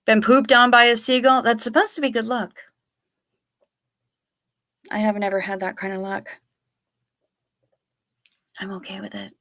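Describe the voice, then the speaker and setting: A woman's voice: on the high side, steady tone, unhurried, pauses often, fairly bright tone, no echo, studio quality. A woman hosting a livestream, telling rambling stories with wry asides and answering her chat casually. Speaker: livestream host.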